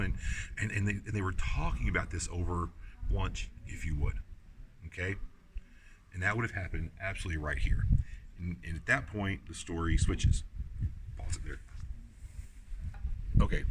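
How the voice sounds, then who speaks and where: A man from the United States teaches the Bible on location at outdoor ruins, speaking loosely with many fillers and false starts. His voice sits low against some background noise, picked up by a distant mic with clear outdoor ambience.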